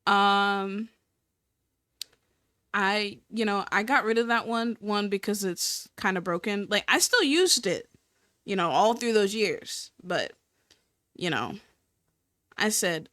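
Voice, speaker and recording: A woman telling a casual story to camera in an animated, profane way, laughing often and checking in with the viewer. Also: medium pitch, measured pace, no echo. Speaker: storytime vlogger.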